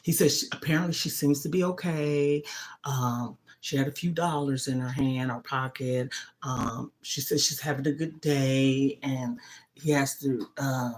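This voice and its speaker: A woman's voice: very deep voice, steady tone, measured pace. Emphatic middle-aged woman livestreaming. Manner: emphatic, keeps asking "okay?". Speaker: livestream host. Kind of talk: casual livestream chat.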